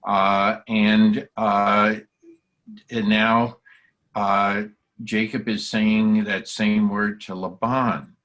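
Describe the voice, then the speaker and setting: Slow, halting man leading a study group. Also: fairly low pitch, little pitch movement, fairly bright tone. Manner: hesitant, many fillers and restarts. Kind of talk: halting Torah study discussion.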